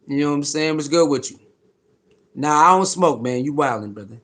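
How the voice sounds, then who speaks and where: A man with a high-set voice chats casually on a live stream. His talk is loose and slangy. He greets viewers by name and repeats his points. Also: expressive, normal speed, fairly bright tone.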